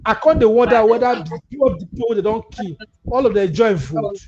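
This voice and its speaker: Nigerian Pidgin-accented male host, high voice, mocking asides on a dull, slightly hissy line. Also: lively intonation, brisk, a crowd in the background. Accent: Nigerian Pidgin English. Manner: mixes Pidgin and English, reads viewer comments aloud, mocking asides. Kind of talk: live call-in political talk show. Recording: muffled lo-fi audio with faint hiss.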